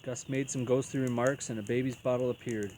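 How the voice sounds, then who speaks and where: A man reading a children's picture book aloud as storyteller, in an even, unhurried way. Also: medium pitch, a little hiss or hum, rough recording.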